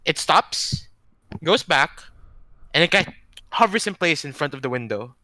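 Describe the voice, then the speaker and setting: A man's voice: fairly high pitch, expressive, moderate pace, sharp tone, no echo. A man narrating as game master in a casual online tabletop session, thinking aloud and checking rules with many fillers.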